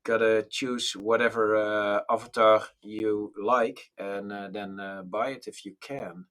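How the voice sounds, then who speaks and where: Bright-voiced man arguing casually. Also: lowish voice, fairly even intonation, a little slow. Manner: argumentative, many restarts. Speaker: music coach. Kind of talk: casual podcast chat.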